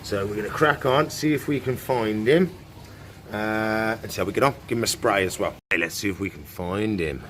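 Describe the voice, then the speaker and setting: A man, a reptile keeper chatting casually through animal checks and coaxing the animals in a soft voice. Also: fairly low pitch, moderate pace, a little hiss or hum. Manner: chatty, talks softly to the animals. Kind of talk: casual animal care vlog.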